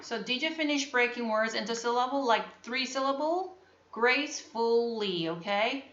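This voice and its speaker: A woman teaching an English class online, speaking slowly, repeating words and checking that the students understand. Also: on the high side, a bit bright, slight background noise. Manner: slow, repetitive, checking understanding. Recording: muffled, echoey room.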